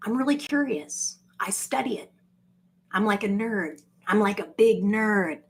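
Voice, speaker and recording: A woman, rambling on a livestream, swinging between gushing greetings to viewers and low confiding asides. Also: expressive, a little slow. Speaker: livestream vlogger.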